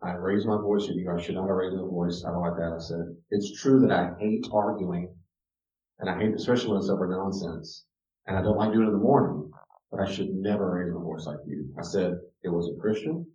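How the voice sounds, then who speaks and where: A man, a counselor, giving an informal teaching talk with personal stories. He is animated and restarts often, dropping to quiet asides and rising to loud emphasis. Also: sits low, a little fast. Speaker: counselor teaching a parenting class. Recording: echoey room, distant mic, dull sound.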